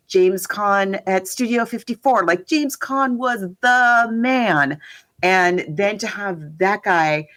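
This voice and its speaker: A woman co-hosting a podcast, chatting casually and animatedly with quick asides. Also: lowish voice, a bit bright, no echo, studio quality. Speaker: podcast co-host. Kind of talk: casual chat.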